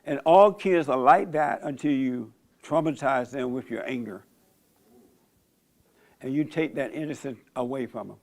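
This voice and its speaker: An older man, a pastor and host, giving a casual church talk and telling stories with a joking manner and frequent laughs. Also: on the high side. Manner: joking storyteller, laughs often.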